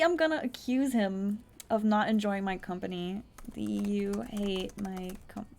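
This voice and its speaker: A young woman streaming herself playing a text adventure, reading the story text aloud quickly and breaking in with blunt, incredulous asides and the odd swear. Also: medium pitch, vocal fry, a little mellow, a little hiss or hum. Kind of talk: casual live-stream commentary, reading game text aloud.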